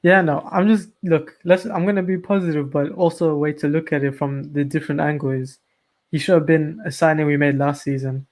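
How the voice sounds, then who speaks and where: Dude co-hosting a footy podcast, kinda high voice, calm, argues the other side. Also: male voice. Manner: measured, plays devil's advocate. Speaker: podcast co-host. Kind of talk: casual football podcast chat.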